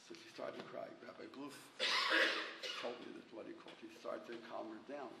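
An older man with a gravelly voice tells stories in a halting, rambling way. He sounds distant from the mic, in a roomy space with clear background noise. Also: medium pitch, steady tone. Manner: rambling, halting, full of restarts. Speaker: storyteller. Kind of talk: telling anecdotes to a small group. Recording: echoey, distant, noisy room.

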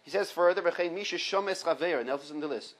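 A man with a fairly high voice speaks a little fast on a poor-quality recording. He's a Torah teacher leading an informal halacha class, reading out Hebrew sources and unpacking them in English step by step, repeating the main points and combining Hebrew quotes with English.

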